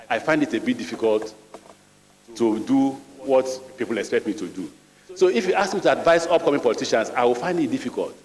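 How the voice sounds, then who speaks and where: A middle-aged man with a Nigerian accent answers questions at a senate screening, speaking in a plain, earnest manner with the odd anecdote. His voice sits at an ordinary middle pitch. The long echo of a large legislative hall hangs behind every phrase. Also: a little mellow. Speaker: ministerial nominee. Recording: reverberant hall.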